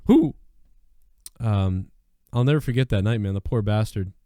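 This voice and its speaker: A man's voice: fairly low pitch, normal speed, dark tone, no room sound, studio quality. A man hosting a call-in show, chatting casually with loose, profane storytelling and repeated phrases.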